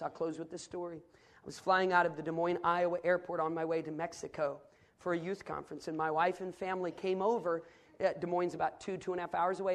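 Earnest middle-aged male preacher. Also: on the high side. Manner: earnest, folksy, with repeated restarts. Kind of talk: sermon with personal storytelling.

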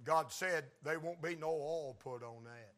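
A man preaching a sermon in a slow, folksy Tennessee drawl, building to loud shouted peaks. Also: a little high. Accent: Tennessee Southern US.

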